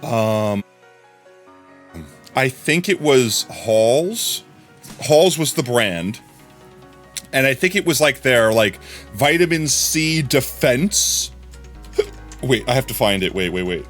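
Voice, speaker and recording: A man's voice: medium pitch, animated, takes it slowly, long pauses, a bit bright, soft background music. A man streaming and chatting casually to his viewers, rambling and repeating words as he goes.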